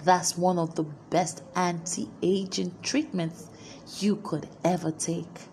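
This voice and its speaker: A woman preaching a motivational sermon, building emphatic repeated declarations with dramatic pauses. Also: lowish voice, flat delivery, darkish tone, slight background noise.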